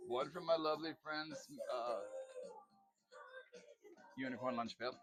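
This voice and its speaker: A man's voice: medium pitch, unhurried, music in the background. A man chatting casually while cooking in a home video, rambling with lots of fillers and asides. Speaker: home cook vlogger. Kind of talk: casual cooking vlog chat.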